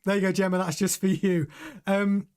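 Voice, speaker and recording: His voice is high-pitched yet darkish and clean, with a level tone at a normal speed. This man hosts a relaxed motor racing stream over coffee, chattering, offering opinions, and reading viewer comments out loud.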